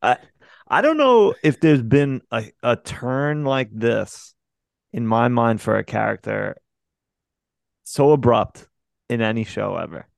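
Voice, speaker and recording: Gravelly man in profane podcast chat. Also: mid-range voice, expressive, slow pace, long pauses, no echo, clean studio sound. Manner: profane, rambling, exasperated asides. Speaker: podcast co-host. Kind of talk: casual recap chat.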